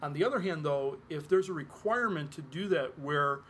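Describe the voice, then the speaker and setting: A man co-hosting a casual podcast chat, with a voice pitched a bit above the usual male range. He rambles and restarts his sentences while working through a point. A faint noise sits under the recording. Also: expressive, a little fast, a bit bright. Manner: rambling, restarts often, self-corrects. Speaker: podcast co-host.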